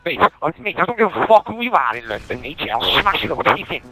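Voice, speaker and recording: A man from Wales in angry in-game voice chat, shouting threats and swearing heavily. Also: fairly high pitch, very animated, fairly quick, very noisy. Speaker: online gamer.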